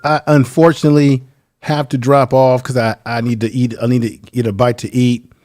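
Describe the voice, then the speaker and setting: A man's voice: mid-range voice, level tone, a little fast, darkish tone. Tired man giving earnest advice. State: a little tired. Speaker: guest YouTuber. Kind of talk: casual live stream chat.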